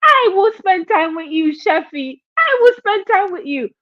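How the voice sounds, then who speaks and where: A woman voicing a man coaxing someone to come spend time with him, in a high singsong voice. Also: sing-song, measured pace, highs cut off, exaggerated voice.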